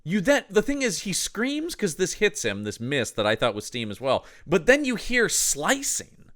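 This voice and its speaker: A man co-hosting a podcast, reviewing a movie in casual chat, animated and exclaiming, trailing off into fillers. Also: high-pitched, moderate pace. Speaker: podcast co-host.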